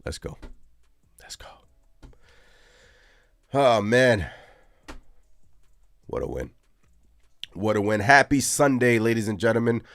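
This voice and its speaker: A man hosting a live postgame sports reaction show, animated and ranting as he talks to his viewers. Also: fairly low pitch, slow pace, long pauses. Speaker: sports podcast host.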